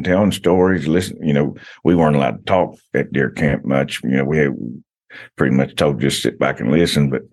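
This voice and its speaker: A man's voice: very deep voice, darkish tone. A man, a guest on a casual podcast, telling stories in a rambling way with frequent restarts.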